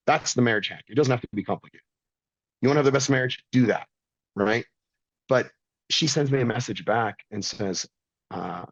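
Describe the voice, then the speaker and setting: A man's voice: medium pitch, normal speed, long pauses, fairly bright tone, breathy edge, no echo, lo-fi sound. Blunt, swearing man telling his story. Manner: blunt, swears freely, intense. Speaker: podcast guest. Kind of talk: candid storytelling.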